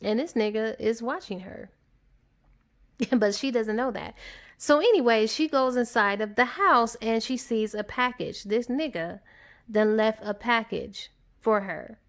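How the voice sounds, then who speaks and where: A woman giving a casual, animated movie recap in a chatty storytelling manner. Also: on the high side, a little slow. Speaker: movie reviewer on her channel.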